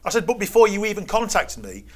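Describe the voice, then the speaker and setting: A man's voice: high-pitched, very animated, fast talker. A middle-aged man, a guest telling a story in conversation and acting out the quoted exchanges with an incredulous, wry tone.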